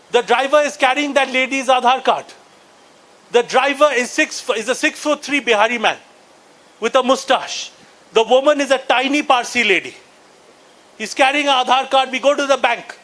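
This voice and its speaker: A man's voice: very high-pitched, bright, forceful tone. A man in his forties with an Indian English accent, doing a stand-up comedy set and acting out characters with a punchy delivery. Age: 40s. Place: conference hall before a live audience.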